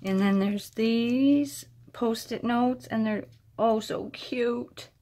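Slow, gushing woman opening crafty mail. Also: on the high side. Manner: gushing, breathy gasps of delight; soft-spoken, addresses her friend directly. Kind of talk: casual unboxing chat.

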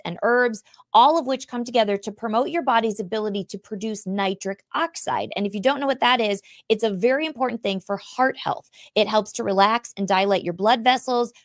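A woman's voice: medium pitch, no echo, studio quality. Bubbly woman hosting a talk show. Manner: bubbly and effusive, quick to laugh. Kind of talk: casual interview chat.

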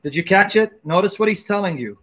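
A man's voice: high-pitched, animated, a little fast, fairly bright tone, slightly rough. A man hosting a Christian apologetics stream, commenting emphatically on a played clip, repeating key words and addressing viewers directly. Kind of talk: commenting on a played video, livestream.

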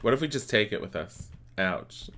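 A man's voice: lowish voice, lively intonation, normal speed, fairly bright tone. A man streaming a live game playthrough, reading the game's text aloud between the commands he types.

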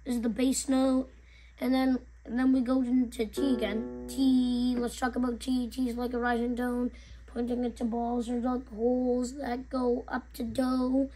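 A young woman giving a home video music lesson, explaining note names slowly with halting pauses and singing them. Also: a little high, flat delivery. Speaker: music teacher.

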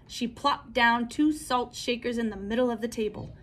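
A woman reading a children's storybook aloud with an expressive, careful delivery. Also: on the high side, normal speed, few pauses.

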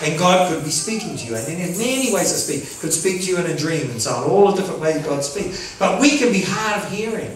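A man preaching a sermon to his church, animated and often laughing, calling out for amens. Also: high voice, fast talker, hardly any pauses. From New Zealand. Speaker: pastor. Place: church hall. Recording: very echoey hall, voice from far off. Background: congregation answering.

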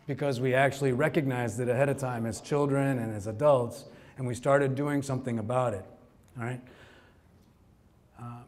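A man in his forties from Kerala gives a keynote speech at a conference, telling stories to the crowd. His voice sits at a middling pitch. He talks loosely and chattily, full of asides and "you know.". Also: darkish tone. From Kerala, India. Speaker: keynote speaker. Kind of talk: storytelling speech. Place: conference hall before an audience.

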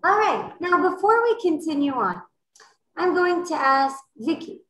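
A woman with a high voice leads an online class for children. She speaks slowly and clearly and encourages the pupils often. Her voice carries the echo of the room she records in over a video call. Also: lively intonation, a bit bright, slight background noise. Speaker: French teacher for children.

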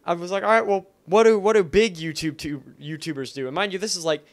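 A young man in his twenties with a high, smooth and clean voice. He rambles through a story in easy podcast chat, cursing as he goes. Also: quick pace. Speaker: podcast co-host.

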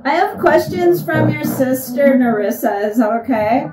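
A woman's voice: high voice, lively intonation, moderate pace, over music. A woman working as a paranormal investigator, earnestly asking questions aloud and repeating the phrases she hears during a spirit box session. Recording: echoey, distant, noisy room.

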